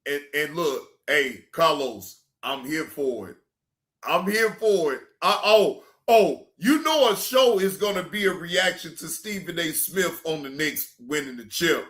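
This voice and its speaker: Male stream host with a higher voice who drawls slowly, slangy and profane, loud then hushed. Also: lively intonation. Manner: slangy, profane, repeats himself; swings between loud hype and low, quiet asides. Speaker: reaction show host. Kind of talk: casual livestream talk.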